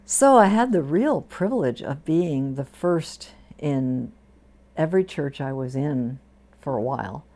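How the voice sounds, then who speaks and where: At a community TV studio, an older woman priest talks through her life stories in an interview, low-pitched and unhurried. The anecdotes are warm, and she livens up the quoted people with their own voices.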